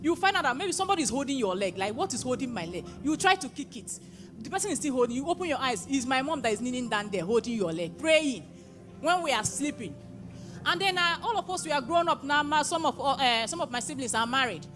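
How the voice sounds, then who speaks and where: Young woman with a high voice testifying at a church gathering, her story swinging into excited cries, with music playing clearly behind her. Warm-hearted, plainspoken storytelling. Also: fast talker. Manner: emotional, often rising to excited exclamations. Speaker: testifier at a prayer conference.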